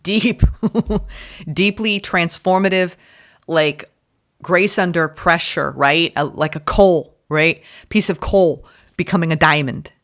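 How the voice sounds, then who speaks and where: A woman giving a spoken tarot reading, gushing and emphatic, often repeating words and filling pauses. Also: fairly low pitch, fairly bright tone. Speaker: tarot reader.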